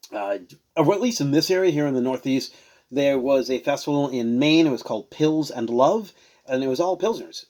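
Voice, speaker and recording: A man's voice: medium pitch, a little mellow. A man casually reviewing and tasting beers on a show he hosts, rambling and searching for words as he goes. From Rhode Island. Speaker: beer reviewer.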